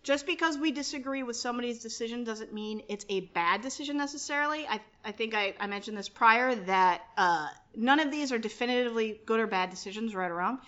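A woman co-hosting a casual podcast, with a bright, fairly high voice. She talks in an animated way and swears casually. The audio is dull and lo-fi. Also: a little fast, hardly any pauses. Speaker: podcast co-host.

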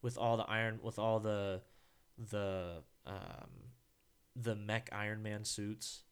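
A man's voice: on the low side, fairly even intonation, takes it slowly, smooth. A man co-hosting a podcast in casual chat, rambling and restarting his sentences, swearing now and then. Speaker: podcast co-host.

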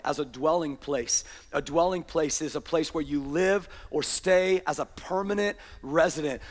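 A man preaching with a high, light voice, his words ringing out in a long hall reverb. He swings from fervent shouts down to low, hushed intensity as he drives his sermon home. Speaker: pastor.

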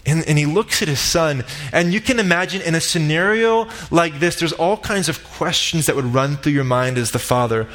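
A man delivering a sermon, retelling a parable with dramatic build-ups and loud quoted cries. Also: a little high, moderate pace, hardly any pauses. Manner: dramatic retelling, rising to shouts in quoted lines. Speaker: pastor. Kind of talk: sermon storytelling. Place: church sanctuary.

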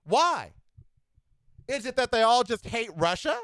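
A man hosting a solo podcast, giving sassy, animated political commentary with campy asides. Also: very high voice, unhurried, smooth, no echo. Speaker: podcast host.

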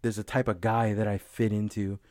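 Young guy from the bay, lowish voice, rambling and swearing, casual podcast banter, dry mic. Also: level tone, brisk, darkish tone, dry recording. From San Francisco Bay Area. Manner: rambling, profane, many "you know what I'm saying". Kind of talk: casual comedic chat.

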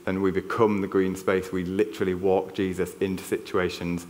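A man's voice: low voice, level tone, normal speed, a little mellow. A man with a Yorkshire accent preaching a church sermon in an earnest, conversational way, often restarting his sentences. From Yorkshire, England. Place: church hall. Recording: long reverb of a church hall.

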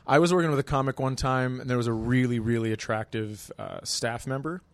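A man's voice: medium pitch, a little fast, no echo. Laid-back dry-humored comedian man. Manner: laid-back, dry storyteller who acts out voices in anecdotes. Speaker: stand-up comedian, podcast guest. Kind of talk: casual comedy podcast storytelling.

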